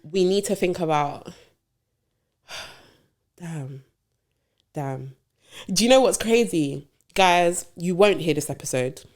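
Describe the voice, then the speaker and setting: A woman's voice: on the low side, takes it slowly, pauses often, a little mellow. A woman co-hosting a podcast, chatting casually and thinking aloud in long, rambling sentences with many ums. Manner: musing, talks in long run-on thoughts with many ums. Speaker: podcast co-host. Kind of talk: casual chat.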